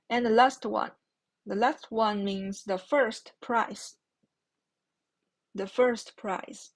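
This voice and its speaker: A female Mandarin teacher gives a patient, slow lesson, saying each word twice while explaining the tones. Her voice is on the high side and steady, and she takes long pauses.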